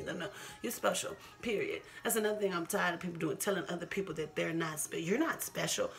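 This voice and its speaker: This twentysomething vlogger has a medium-pitched voice with vocal fry and a quick pace. Chatting frankly and personally to the camera, she laughs frequently and repeats herself to stress her points.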